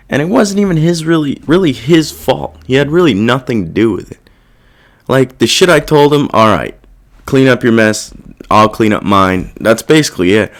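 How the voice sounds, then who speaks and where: A young man hosting a podcast, talking through his feelings in a rambling, self-reflective and heavily profane casual monologue. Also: mid-range voice. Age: young adult. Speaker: podcast host.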